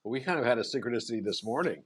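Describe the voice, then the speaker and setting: A man hosting a podcast, reacting attentively and quickly in casual conversation. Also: medium pitch, expressive, husky. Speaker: podcast host.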